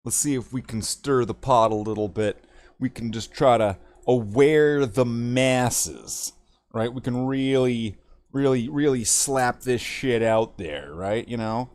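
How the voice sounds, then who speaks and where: A man's voice: medium pitch, takes it slowly, a little mellow. A man from Canada hosting a casual livestream while he paints models, rambling, self-mocking and repeating words as he goes. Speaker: hobby streamer.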